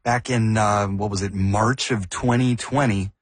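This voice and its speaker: A man's voice: fairly low pitch, fairly even intonation, unhurried, slightly rough, no echo. A man co-hosting a podcast, casually asking curious, skeptical follow-up questions. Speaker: podcast co-host.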